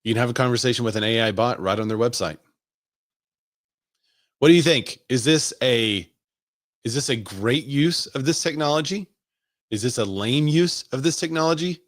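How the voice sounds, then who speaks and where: A man's voice: on the low side, no room sound, clean studio sound. A man who works as a real estate agent, hosting a casual live stream and thinking aloud as he asks viewers for their opinions.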